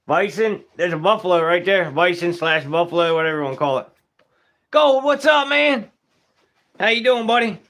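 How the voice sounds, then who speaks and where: Man, young adult, slightly high voice, laid-back, casual live stream chat, taxidermist. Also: expressive, moderate pace, a bit bright. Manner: laid-back, greets viewers by name, Southern-style casual grammar.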